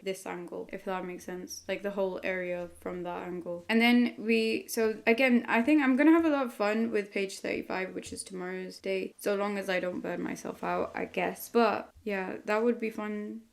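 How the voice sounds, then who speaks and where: Woman vlogger, tired, gravelly fry, rambling casual chat with constant "like"s, home studio. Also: mid-range voice. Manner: rambling, many filler "like"s. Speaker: webcomic artist.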